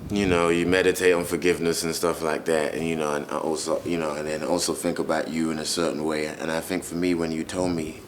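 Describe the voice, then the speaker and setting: A man on a roundtable panel, speaking in a halting, reflective way with many restarts in candid conversation. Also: very deep voice, level tone, slight background noise.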